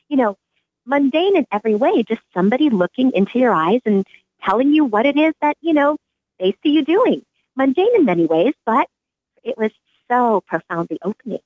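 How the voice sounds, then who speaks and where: A middle-aged woman speaks earnestly about her own path, her pitch rising and falling with lively animation. The sound is dry and narrow, like a phone line. She talks as a psychiatrist and author in an interview. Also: dry recording. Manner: earnest, animated, acts out remembered dialogue. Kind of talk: reflective interview answers.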